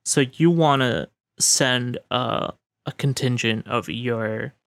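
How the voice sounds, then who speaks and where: Gravelly, hesitant man in improv comedy. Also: medium pitch, takes it slowly, a bit bright, no room sound. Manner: polite and hesitant, full of ums and restatements. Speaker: improv scene partner playing an Earth negotiator.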